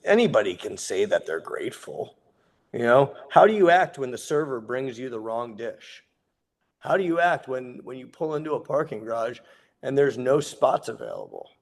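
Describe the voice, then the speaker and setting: A man in his thirties giving a sobriety meeting share, earnest and heartfelt, candid and quick to swear. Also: mid-range voice, very animated, gravelly. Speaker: guest speaker sharing his recovery story.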